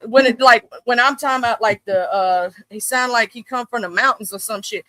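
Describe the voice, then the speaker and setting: A woman tells a story on a live stream in an emphatic, casual way, swearing freely. Her voice is bright and forceful. The sound is dry and close. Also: a little high, a little fast, no echo, poor audio.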